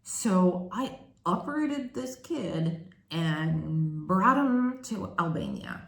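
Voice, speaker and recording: A woman's voice: fairly low pitch, huge pitch swings, extremely slow, vocal fry. A woman from Canada, telling her story candidly in a chatty, casual vlog. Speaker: vlogger. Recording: echoey room.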